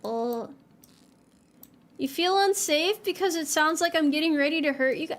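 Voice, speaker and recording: A woman's voice: extremely high pitch, animated, moderate pace, a bit bright. A young woman streaming a farming game, joking and teasing herself while chatting with her viewers. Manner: playful, self-mocking banter with chat. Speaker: VTuber streamer. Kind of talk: casual live-stream chat while gaming.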